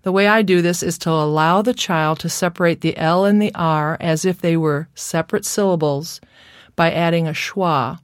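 A woman's voice: on the low side, steady tone, clear, resonant tone, dry recording, studio quality. A woman lecturing on speech therapy in a careful, scripted instructional narration. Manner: slow, careful, demonstrates sounds.

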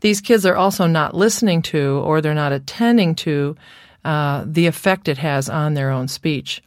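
Low-pitched lady reading a speech therapy lesson, slow and careful, dry close sound. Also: no echo. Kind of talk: scripted instructional narration.

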